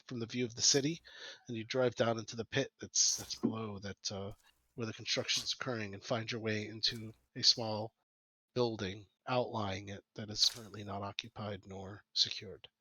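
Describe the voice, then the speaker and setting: A man's voice: medium pitch, pushed and bright, poor audio. A man narrating a tabletop role-playing game as game master, rambling with many restarts.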